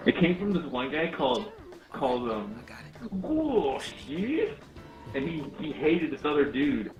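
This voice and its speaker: A man's voice: medium pitch, lively intonation, moderate pace, highs cut off, music in the background. A man in casual gaming chat, playful and laughing, swearing freely. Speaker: let's play co-host. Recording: echoey room.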